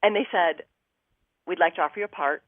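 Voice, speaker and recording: A woman's voice: fairly low pitch, brisk, no echo, narrow, tinny audio. A woman guest telling a personal story on a talk show, acting out her own thoughts and what others said to her.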